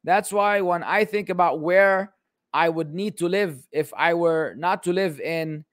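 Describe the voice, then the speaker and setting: Male Islamic teacher, bantering Q&A, high-pitched, dry close sound. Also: measured pace, fairly bright tone, no echo. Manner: joking, exasperated, teasing. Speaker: Islamic teacher answering questions. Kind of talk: casual livestream Q&A lesson.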